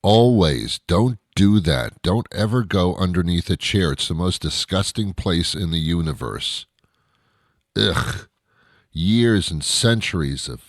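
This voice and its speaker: A man's voice: low voice, dry recording, studio quality. An American man hosting a radio show, delivering a sarcastic, exasperated comedic monologue.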